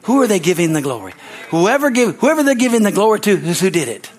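Older man, pastor, high voice, preaching a folksy sermon, repeats himself, calls for amens. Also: very animated, fast talker. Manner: repetitive, asks the congregation "Amen?"; folksy, tells anecdotes with laughter.

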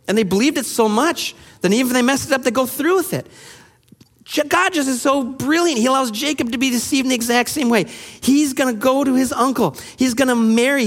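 A man preaching a sermon, reading scripture aloud and explaining it in an animated way, acting out the quoted voices. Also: very high voice. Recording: long hall reverb.

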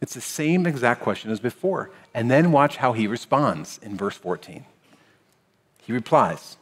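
A man preaching a sermon as pastor, in a conversational style that swings between hushed, low moments and animated passages. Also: unhurried, breathy edge, long reverb tail.

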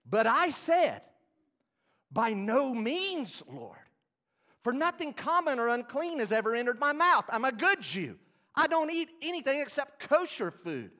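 A man's voice: extremely high pitch, big pitch swings, a little slow, pushed and bright, voice pushed up, full character voice. A man preaching, voicing an impassioned male apostle who retells his vision with insistent emphasis.

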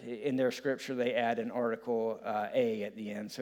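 A man's voice: mid-range voice, flat delivery, normal speed, few pauses, a little mellow. Man preaching a conversational sermon. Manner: conversational preaching with frequent fillers and restarts. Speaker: pastor.

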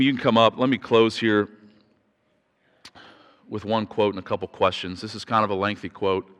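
Pastor guy preaching, lowish but bright forceful voice, chatty stories with lots of restarts, big echoey church hall. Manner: chatty storytelling with restarts, rising loud when excited. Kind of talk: sermon. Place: church sanctuary.

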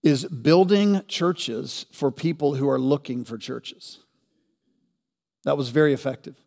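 A man preaching a sermon as pastor, asking rhetorical questions and building to loud, emphatic peaks. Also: mid-range voice, unhurried, gravelly, big-room sound.

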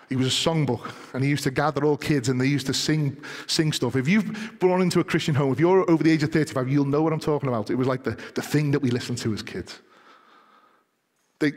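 A man's voice: a little high, fairly quick, big-room sound. A man preaching a sermon to his congregation, telling stories and building to emphatic appeals. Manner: storytelling, rising to emphatic exhortation. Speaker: pastor. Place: church.

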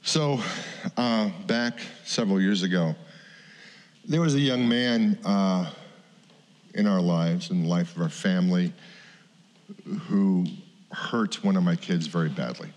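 A man's voice: low-pitched, a little slow, pauses often, a little mellow. A middle-aged male pastor telling a personal story in a sermon, candid and confessional, acting out what people said. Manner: candid, confessional, acts out quotes. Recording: long hall reverb.

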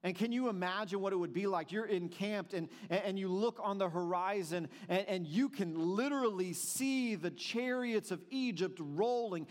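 A man preaching a sermon, moving between soft, drawn-out passages and emphatic, animated questions. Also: high voice, in a large hall. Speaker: pastor.

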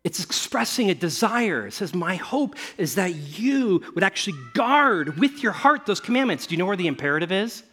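Middle-aged guy preaching, lively, keeps asking the crowd questions, bit high voice. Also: moderate pace, few pauses, husky. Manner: animated, asks the audience rhetorical questions. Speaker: pastor. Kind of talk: sermon.

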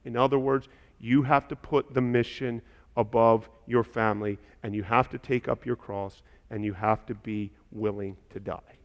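A man preaching a sermon as a pastor, impassioned and building to loud, emphatic delivery. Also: mid-range voice, fairly even intonation, normal speed, big-room sound.

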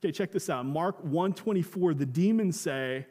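A pastor delivers a sermon in a church sanctuary, his fairly high, mellow voice moving at a moderate pace. He keeps things conversational, relying on rhetorical questions and repeated phrases, while the hall leaves a long, reverberant tail.

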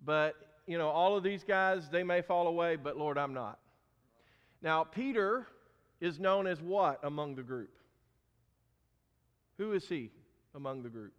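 A man with a high voice preaches a sermon, pressing his points with emphasis and repeated questions to the congregation. His voice rings through a hall with a long reverb. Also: a little slow, pauses often, clear, resonant tone, lo-fi sound. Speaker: pastor.

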